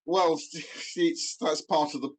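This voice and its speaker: An older man speaking as a guest, with dry humour and an understated, matter-of-fact delivery. His voice sits slightly high for a man. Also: steady tone, slow, a crowd in the background. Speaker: guest on call.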